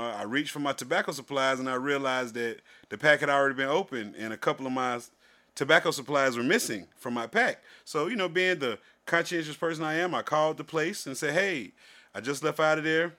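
A man co-hosting a casual podcast, telling a profane story with lots of energy and getting louder and higher as he gets worked up. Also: fairly quick. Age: adult with a wife, working age. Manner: animated, profane storytelling, gets loud and high when worked up. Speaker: podcast co-host.

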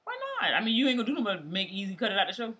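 A woman's voice: medium pitch, animated, racing, fairly bright tone, slight background noise. A woman co-hosting a podcast with her husband, playful and teasing. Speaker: podcast co-host. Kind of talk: casual podcast chat.

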